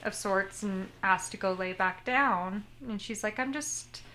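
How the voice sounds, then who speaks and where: Bright-voiced woman recapping an anime. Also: medium pitch, measured pace, slight background noise. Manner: animated retelling of scenes. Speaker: podcast co-host. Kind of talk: casual chat recapping an anime.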